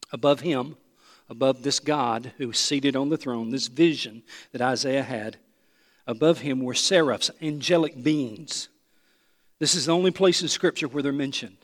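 A male pastor preaching a sermon, swinging from loud proclamation to soft, intimate asides. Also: mid-range voice, long reverb tail.

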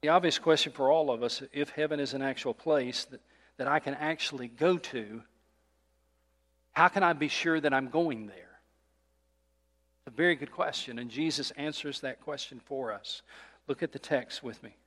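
A man's voice: mid-range voice, moderate pace, fairly bright tone, in a large hall. A man, a pastor, giving a sermon in a conversational way, often asking his listeners questions. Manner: conversational preaching with rhetorical questions. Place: church sanctuary.

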